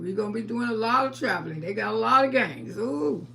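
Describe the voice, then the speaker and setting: A woman's voice: fairly high pitch, expressive, a little fast, vocal fry, pushed and bright, slight background noise. An older woman hosting a live stream, greeting viewers by name and laughing often, calling them sugar and baby. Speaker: livestream host.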